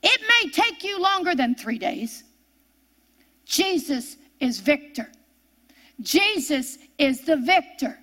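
Older lady preaching a sermon, bright sharp voice, keeps repeating her lines fervently. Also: high voice, big pitch swings, slow pace, long pauses.

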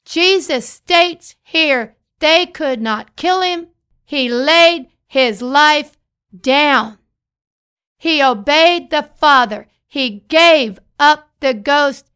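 A woman's voice: high-pitched, animated, extremely slow, sharp tone. A woman pastor preaching a sermon, reading scripture and repeating phrases for emphasis.

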